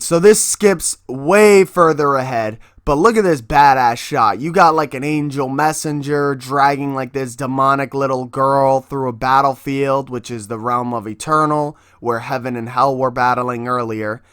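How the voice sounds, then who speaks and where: A man's voice: medium pitch, pushed and bright, clear, resonant tone, dry recording, studio quality. A man casually promoting his own comic book, hyped and swearing constantly as he talks.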